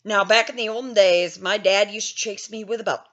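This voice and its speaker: A woman's voice: mid-range voice, fairly even intonation, a little fast, a bit bright, highs cut off. A woman in her fifties telling a story in a casual, blunt way, laughing often and swearing freely. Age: 50s. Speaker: gaming channel host.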